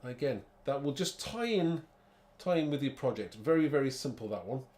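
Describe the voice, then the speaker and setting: A man's voice: mid-range voice, expressive, normal speed, a little mellow. A man hosting a live card-making demo, chatty and rambling, thinking aloud and laughing at his own muddles.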